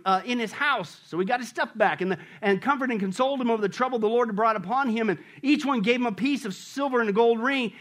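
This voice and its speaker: A man preaching a sermon with great energy, swinging from shouts down to low murmurs. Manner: acts out voices in a joke. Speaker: pastor.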